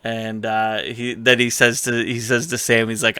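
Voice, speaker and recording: A man's voice: mid-range voice, level tone, normal speed, pushed and bright, clean tone, dry recording. A man co-hosting a podcast, casually recapping a TV episode in a rambling way with lots of fillers and quoted asides. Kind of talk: casual chat.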